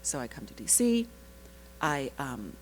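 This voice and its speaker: An actress telling an animated personal story at a panel, laughing often and breaking off into asides. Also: female voice, very deep voice, measured pace, slight background noise, poor audio. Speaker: actress sharing her research story.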